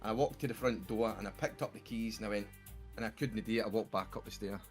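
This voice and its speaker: A man's voice: lowish voice, fairly even intonation, fast, soft background music. A Scottish man streaming a game, telling a rambling, swear-filled story to friends on a voice call. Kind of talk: casual chat on a voice call. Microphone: desktop mic on a voice chat.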